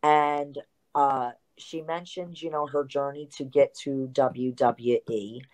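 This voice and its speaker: Woman, deep voice, middle-aged, interview guest, animated storyteller. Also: slow pace. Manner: animated storyteller, full of fillers and asides. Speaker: guest, retired pro wrestler.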